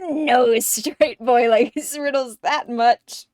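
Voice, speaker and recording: A woman streamer chatting casually with her viewers, animated and profane, laughing often and acting out quotes in squeaky voices. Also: drawn-out words, no echo, clean studio sound.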